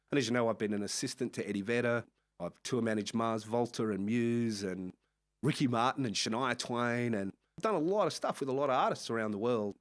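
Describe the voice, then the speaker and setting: A man with an Australian accent, a music manager telling lively anecdotes in a casual interview. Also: medium pitch. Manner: animated anecdotes with frequent laughs and acted-out quotes. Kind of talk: casual storytelling chat.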